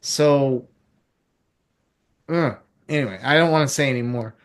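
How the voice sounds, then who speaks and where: A man's voice: mid-range voice, unhurried. A man reviewing a film in casual chat, rambling and chuckling as he talks.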